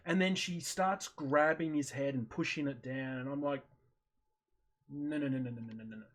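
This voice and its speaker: A male streamer with a medium-pitched, steady voice talks at a moderate pace over voice chat, using a headset or desk mic. In a casual, animated way, he recounts a video he watched and acts out his own reactions.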